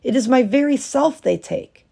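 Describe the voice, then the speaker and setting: A woman voicing a gentle, fearful crane who has become a wife, speaking in a soft, pleading way. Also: high voice, lively intonation, normal speed, vocal fry, pitched above the performer's own voice, exaggerated voice. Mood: frightened, pleading.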